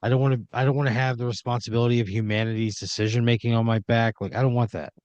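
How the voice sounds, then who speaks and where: Mid-pitched man, exasperated and swearing, dry close sound. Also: steady tone, very fast, darkish tone, dry recording, muffled recording. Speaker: improv player. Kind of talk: improvised comedy.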